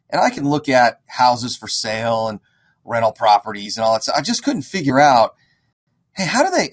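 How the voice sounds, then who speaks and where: Man, real estate investor, animated storyteller, acts out the voices, mid-pitched. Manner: animated, acts out quoted dialogue. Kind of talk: casual storytelling to an audience.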